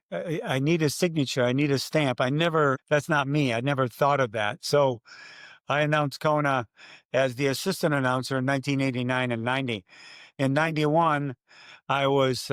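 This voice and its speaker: An older man, a former race announcer, telling stories in an interview and acting out his own loud calls. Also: medium pitch, clean tone, dry recording, studio quality. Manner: animated storyteller, acts out his own calls loudly. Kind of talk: conversational storytelling interview.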